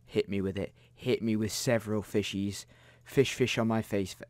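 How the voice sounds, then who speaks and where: A man's voice: fairly low pitch, steady tone, moderate pace. A man co-hosting a gaming video, cocky and hyped, swearing as he commentates. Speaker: gaming co-host. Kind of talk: live gameplay commentary.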